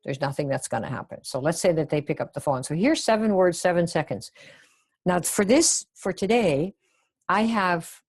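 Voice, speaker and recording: A woman with a fairly low voice coaching a live online class. She talks in a chatty, coaching way and breaks off to answer viewers' comments. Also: darkish tone, breathy edge. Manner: chatty, coaching, reacts to chat, acts out sample phone lines. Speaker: sales coach. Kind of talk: live webinar teaching.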